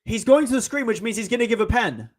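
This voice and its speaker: A young man streaming a live football watch-along, excitable, often stammering and repeating himself. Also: very high-pitched, fast talker. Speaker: football fan livestreamer.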